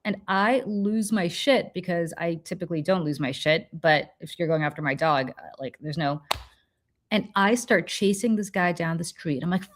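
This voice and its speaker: A woman hosting a podcast, telling a story in casual chat with lively, profane energy. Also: lowish voice. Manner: animated, profane, quick restarts. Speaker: podcast host.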